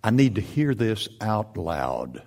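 Guy preaching a sermon, kinda low voice but super expressive, gets loud and punchy on the big points. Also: slow pace. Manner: animated, swelling into loud emphatic peaks.

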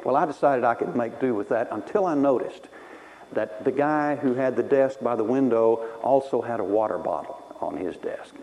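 A man's voice: medium pitch, moderate pace, darkish tone, low-quality recording. A man from Texas preaching a sermon through personal stories, wry and self-mocking, laughing at himself as he tells them.

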